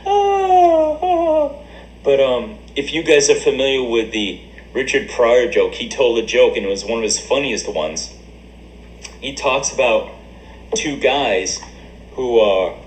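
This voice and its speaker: A man's voice: mid-range voice, reverberant, a little hiss or hum, poor audio. A man livestreaming and reading chat aloud, joking crudely and laughing often into a desk mic. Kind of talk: casual stream banter. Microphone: desk USB mic.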